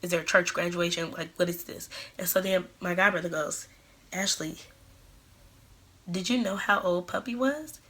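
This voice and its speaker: Animated young woman telling a story. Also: on the low side, normal speed. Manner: animated storyteller acting out quotes. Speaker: vlogger. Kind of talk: storytime vlog.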